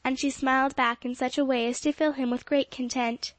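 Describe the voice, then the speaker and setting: Woman reading an audiobook, high voice, dry close mic, steady pace. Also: fairly quick, dry recording. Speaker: audiobook narrator. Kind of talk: scripted narration.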